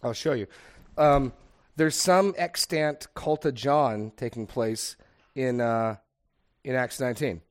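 A man's voice: medium pitch, takes it slowly, clean tone. A middle-aged man leading a casual Bible study discussion, chatty and digressive, laughing often as he talks.

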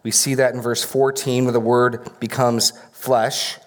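A man's voice: medium pitch, little pitch movement, a little slow. A man preaching a verse-by-verse sermon as pastor, repeating key phrases for emphasis. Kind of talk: expository sermon.

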